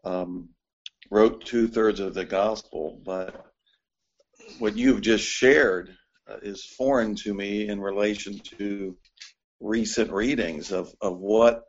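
A man asking a question hesitantly, full of ums and restarts. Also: fairly low pitch. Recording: dull lo-fi recording.

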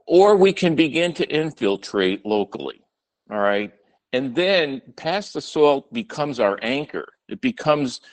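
A man joining a talk show as a guest, with a lively, rising and falling voice. He speaks earnestly and pauses with fillers as he works out his points. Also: medium pitch. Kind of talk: casual chat.

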